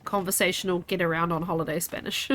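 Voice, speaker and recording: A woman's voice: fairly low pitch, fairly even intonation, fast, fairly bright tone, a little hiss or hum. Chatty Kiwi woman streaming a game. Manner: chatty, rambling, answers chat aloud. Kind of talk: casual chat while gaming.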